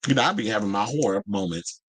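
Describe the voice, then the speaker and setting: Animated man with a bright, dry voice. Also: lowish voice, quick pace, no echo, low-quality recording. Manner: animated and chatty, reads and answers live chat, swears freely. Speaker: entertainment news show host. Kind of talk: casual pop-culture commentary.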